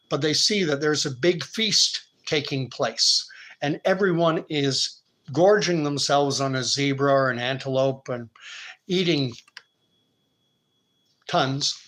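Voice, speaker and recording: A Canadian man in his fifties, hosting and retelling a parable in a relaxed, conversational way. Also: medium pitch, poor audio. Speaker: host. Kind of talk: storytelling commentary.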